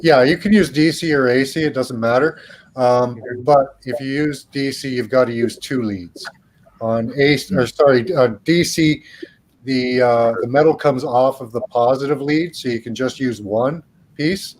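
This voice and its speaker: A man's voice: mid-range voice, moderate pace, poor audio. Man, casual group call, explanatory, plenty of ums and uhs. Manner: explains step by step with fillers. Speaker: chat participant.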